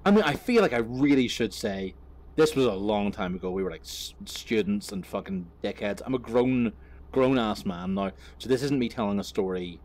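A young man rambles through a crude story from behind the wheel, swearing constantly and chuckling. His voice is on the low side, picked up by a camera inside the car with faint road noise behind. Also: animated, normal speed, a little mellow. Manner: profane, rambling, laughing. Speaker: vlogger. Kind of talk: rambling anecdote while driving.

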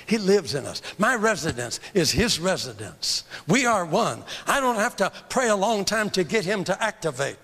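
An older man preaching a sermon, emphatic and drawn out, with big swings in pitch. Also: big pitch swings, moderate pace, hardly any pauses, a bit bright. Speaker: evangelist preacher. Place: church. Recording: long hall reverb from a church.

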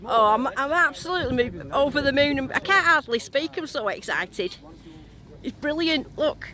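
Bubbly high-voiced woman vlogging. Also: very animated, normal speed. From England. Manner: bubbly, giggly, gushing. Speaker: metal detecting vlogger. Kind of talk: excited casual vlog. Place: outdoors at a field rally, some driving in a car.

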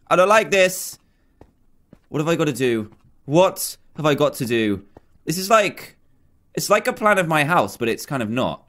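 A man's voice: a little high, big pitch swings, moderate pace, long pauses, fairly bright tone. Jumpy, nervous man narrating a game. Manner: jumpy, nervous, talks to himself. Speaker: gaming video host. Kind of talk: horror game commentary.

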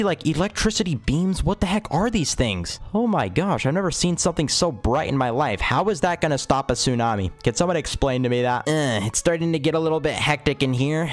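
Hyped young man gaming. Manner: hyper, jumpy pitch, gasps and exclamations. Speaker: gaming YouTuber. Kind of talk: excitable gameplay commentary. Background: faint music.

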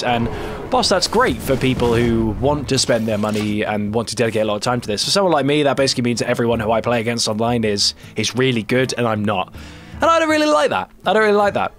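Chatty young man commentating a card game. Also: mid-range voice. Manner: chatty, rambling and self-deprecating. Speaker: let's play host. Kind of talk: casual gameplay commentary.

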